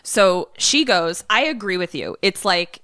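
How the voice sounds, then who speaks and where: A young woman co-hosting a podcast, retelling a movie trailer in casual chat, animated and swearing, with lots of "like". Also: mid-range voice, unhurried, smooth, no echo. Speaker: podcast co-host.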